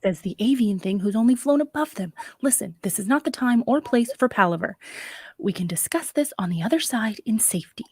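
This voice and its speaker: A woman's voice: on the high side, animated, a little fast, a little mellow, husky. A woman voicing a sly, wordy female fox antihero in a stage play, with fussy, formal phrasing. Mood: hushed urgent.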